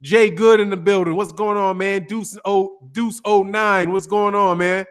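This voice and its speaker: A man with a high-pitched voice hosts a casual boxing live stream and talks straight to his chat. He greets each viewer by name in loose, slangy speech, laughing and joking between comments. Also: fairly even intonation, unhurried, fairly bright tone, clear, resonant tone.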